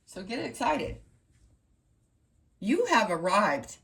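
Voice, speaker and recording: A woman's voice: medium pitch, big pitch swings, takes it slowly, gravelly, fairly bright tone. A woman running a tarot reading channel, talking straight to her viewers in an emphatic, repetitive pep-talk style. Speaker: tarot reader.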